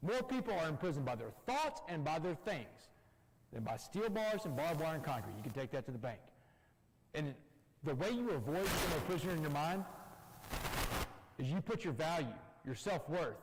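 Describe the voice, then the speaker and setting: Husky guy giving a fast lively talk in an echoey church hall, acts out all the voices. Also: on the high side, background noise. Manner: animated storytelling, acts out dialogue. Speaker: guest speaker. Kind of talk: motivational talk.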